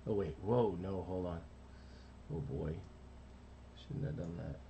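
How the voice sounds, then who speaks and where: A man's voice: sits low, measured pace, gravelly, mellow, slight background noise. A man, an animator, chatting casually on a live stream while he works, rambling and talking to himself. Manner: rambling, self-talk while working.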